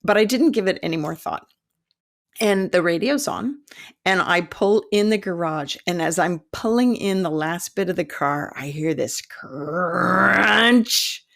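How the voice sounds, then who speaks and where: A woman in her fifties, a psychic development teacher, telling a story in an animated, self-mocking way and laughing often. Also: fairly low pitch, normal speed. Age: 50s. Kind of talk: storytelling monologue.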